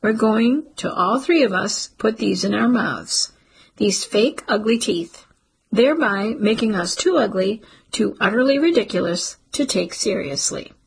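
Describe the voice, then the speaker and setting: A woman reading a calm, deadpan grown man. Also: medium pitch, measured pace, gravelly, husky, heavily acted. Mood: mock solemn. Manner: calm, businesslike, deadpan jokes. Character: calm, joking stepfather type, grown man.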